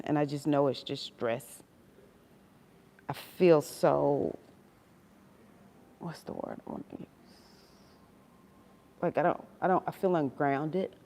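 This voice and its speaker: A woman with a son, an astrology livestream host, speaks in a low, gravelly voice. She chats casually from a hospital room, reading viewer comments and laughing often.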